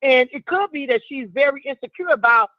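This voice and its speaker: Woman calling in to a radio talk show over a dull phone line. She talks in a measured, reflective way, and her voice comes through dry. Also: high-pitched, animated, no room sound. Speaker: caller. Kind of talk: call-in radio commentary.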